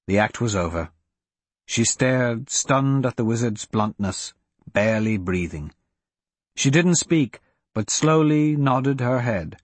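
A man narrating an audiobook in an unhurried, expressive way. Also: mid-range voice, dry recording. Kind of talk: scripted narration.

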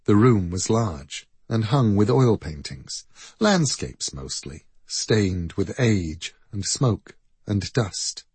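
A man reading a story aloud in measured, expressive scripted narration. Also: fairly low pitch, slightly rough, dry recording. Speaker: audiobook narrator.

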